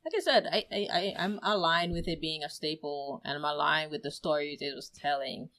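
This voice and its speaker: A podcast co-host chatting casually about a film, acting out the characters' lines in a lively way. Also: medium pitch, fairly quick.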